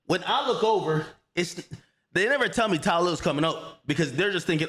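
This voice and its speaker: A man hosting a livestream, telling a heated story in an animated, profane, repetitive way. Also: high voice, brisk. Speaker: livestream host.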